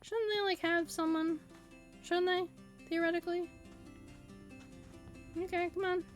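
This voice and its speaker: A woman streamer giving casual, chatty gameplay commentary in a playful way that is quick to laugh, recorded on a desk mic at home. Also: extremely high pitch, steady tone. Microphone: desk USB condenser mic. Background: faint game music.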